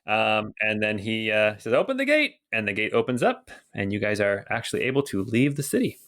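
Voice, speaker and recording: A man narrating as game master of a tabletop game, relaxed and rambling with many ums. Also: on the low side, fairly quick.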